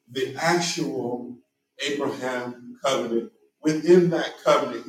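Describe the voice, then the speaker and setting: A man preaching a sermon as pastor, constantly interjecting amen and hallelujah. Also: on the high side. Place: church sanctuary. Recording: echoey room, voice from a distance.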